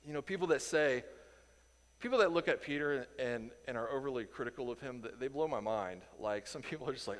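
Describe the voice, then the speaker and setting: A man from Indiana teaching a Bible lesson in a casual, animated way, acting out the people in the story and chuckling as he goes. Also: mid-range voice, brisk, in a large hall. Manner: animated, acts out quoted voices, chuckles.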